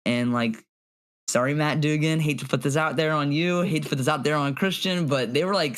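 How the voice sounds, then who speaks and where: A young man co-hosting a podcast, telling a story in an animated, casual way with plenty of "like" and swearing. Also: on the high side, fairly quick. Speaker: podcast co-host. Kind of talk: casual chat.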